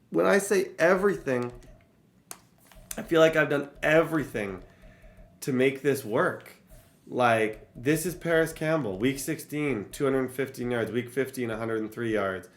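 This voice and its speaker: A young man giving casual gameplay commentary, rambling and frustrated as he talks straight to his viewers. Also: medium pitch. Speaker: gaming YouTuber.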